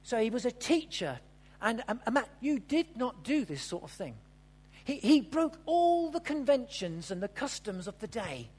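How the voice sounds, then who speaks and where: A preacher delivering a sermon with a husky, slightly breathy voice. The delivery is animated, with pitch leaping up and down as the story unfolds. Loud exclamations give way to quiet, hushed asides. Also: moderate pace. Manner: animated storytelling, acting out the characters' lines.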